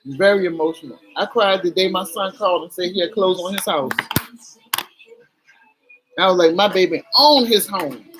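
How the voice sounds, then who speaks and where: A woman's voice: on the low side, moderate pace, long pauses, background noise. A middle-aged woman talking candidly to her camera in a chatty, emotional vlog, swearing casually as she goes. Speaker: vlogger.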